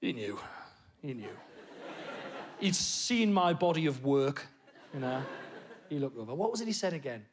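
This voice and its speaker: A man doing stand-up comedy on stage, telling a story with sudden loud bursts and low muttered asides. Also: sing-song, moderate pace, long pauses. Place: comedy stage before a live audience.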